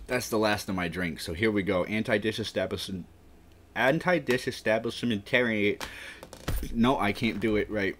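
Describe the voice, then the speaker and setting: A man's voice: lowish voice, fairly quick, few pauses, noisy background. A man hosting a casual livestream, tired and dry-mouthed from the heat, rambling as he reads chat aloud and trails off unsure. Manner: rambling and self-deprecating, trailing off with "I don't know". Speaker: livestream host.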